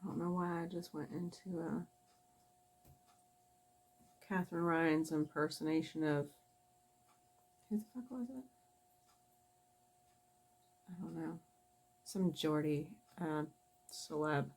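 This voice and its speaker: A middle-aged woman talking through her makeup in a casual vlog, blunt and cheerfully profane. Her voice sits on the low side, and she takes her time with every phrase. She is quick to laugh at herself. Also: darkish tone, husky. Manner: blunt, profane, self-mocking. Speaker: makeup vlogger. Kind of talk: casual makeup tutorial chat.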